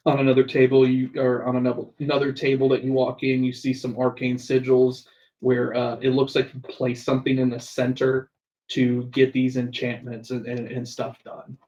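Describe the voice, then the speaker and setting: Halting game master man, lo-fi. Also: mid-range voice, a little mellow, distant mic. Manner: halting, many ums, laughs mid-sentence. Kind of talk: narrating a tabletop game.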